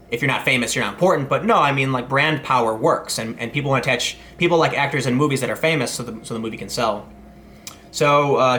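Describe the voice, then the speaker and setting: A man's voice: mid-range voice, sharp tone, a little hiss or hum. A man in his thirties hosting a casual commentary vlog, rambling with many restarts and asides. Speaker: commentary host.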